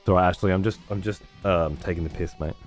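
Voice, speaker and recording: A deep-voiced livestream host speaks quickly with fairly even intonation while soft music plays. Streaming from his room at home, he casually banters with viewers, sarcastic and profane.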